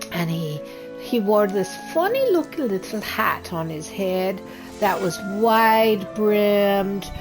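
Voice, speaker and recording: A woman voices a wood elf character in a game, drifting through a meandering tale with a gravelly, slow delivery. Game music plays clearly under her words. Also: mid-range voice, poor audio. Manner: rambling storytelling, trails off and restarts. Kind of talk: in-character game role-play.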